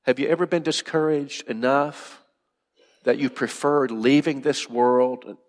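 A man's voice: mid-range voice, steady tone, unhurried, long reverb tail. A man preaching a sermon with earnest emphasis, often repeating words and dropping to a near-whisper for effect. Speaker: pastor.

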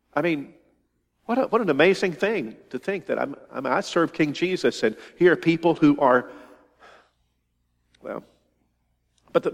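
Man preaching in an echoing hall. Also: mid-range voice. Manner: emphatic, repeats himself for stress. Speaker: pastor. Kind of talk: sermon. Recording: long hall reverb.

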